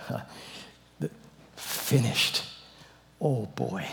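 An older man giving an expository Bible lecture, scholarly and digressive, moving from hushed reading to loud emphatic exclamations. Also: lowish voice, takes it slowly, gravelly, pauses often. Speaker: Bible teacher.

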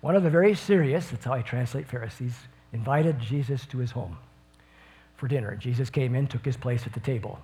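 A man teaching from the Bible in a relaxed, conversational way. His voice sits in a middle register. He rises into enthusiastic bursts, then settles back into a quiet retelling. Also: mid-range voice, brisk.

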